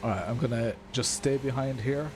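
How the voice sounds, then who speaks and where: A man's voice: medium pitch, normal speed, noisy background. A young man giving live, rambling commentary while racing in a sim game, laughing often and chatting to his viewers.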